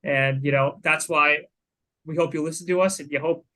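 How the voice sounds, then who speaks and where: A man's voice: on the high side, steady tone, moderate pace, bright, forceful tone, rough recording. A man co-hosting a sports podcast, talking casually with lots of filler words. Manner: chatty, lots of "you know" fillers. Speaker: podcast co-host.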